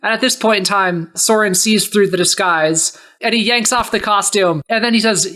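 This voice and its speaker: A woman's voice: medium pitch, fairly even intonation, fast, fairly bright tone. A woman improvising a comic story on a podcast, chatty with lots of fillers. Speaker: podcast player.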